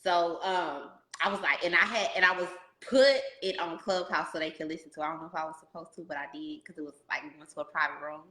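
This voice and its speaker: Podcast host, woman, lower pitch, bright tone, lively slangy storyteller, roomy echo. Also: fast, few pauses. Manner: animated storyteller, slangy, addresses listeners as y'all. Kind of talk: casual podcast interview.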